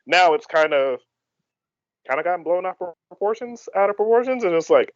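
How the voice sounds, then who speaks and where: A man who is a guest actor in a live interview, telling his story in an excitable, animated way and acting out his reactions, with sudden leaps up and drops down in his voice. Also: fairly high pitch, fast, no echo, muffled recording.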